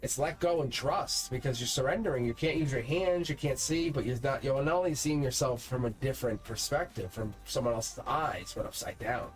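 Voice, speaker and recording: A man of middle pitch teaches tarot in an unscripted, reflective way, wandering from one thought to the next as he encourages the listener. Faint music plays quietly under his voice. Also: fairly quick, few pauses. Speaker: tarot reader and channel host. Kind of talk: unscripted tarot lesson to camera.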